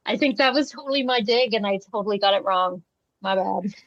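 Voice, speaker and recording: A day home provider co-hosts a casual podcast chat, telling stories with animation and acting out the voices. Her mid-range voice is brisk, and the recording is dull, dry and lo-fi.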